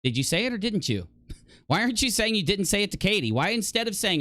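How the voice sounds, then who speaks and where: A man's voice: high voice, sing-song, a bit bright, dry recording. A man hosting a commentary channel, arguing indignantly and sarcastically against clips he plays. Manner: indignant, sarcastic, rapid-fire questions. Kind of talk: heated commentary over played clips.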